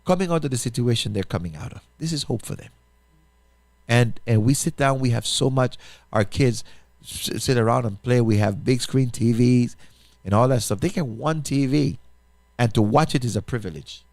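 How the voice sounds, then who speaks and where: A pastor hosting a talk show, speaking, makes an impassioned appeal full of repetition and rhetorical questions. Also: male voice, medium pitch, moderate pace, darkish tone, dry recording. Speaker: pastor and radio show host.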